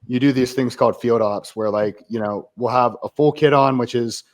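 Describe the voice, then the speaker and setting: Male podcast guest, ex-Marine, mid-pitched, blunt and profane, casual. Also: moderate pace. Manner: blunt, profane, laughs easily.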